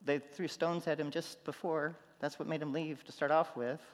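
A man preaching a sermon, telling stories, going from loud and animated to quiet and soft. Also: on the high side, moderate pace, in a large hall. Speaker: pastor.

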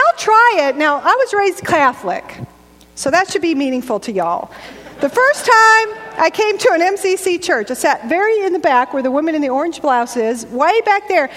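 A woman's voice: extremely high pitch, fairly bright tone. A middle-aged woman preacher giving a conversational, joking sermon in a church. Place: church sanctuary. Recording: echoey church hall.

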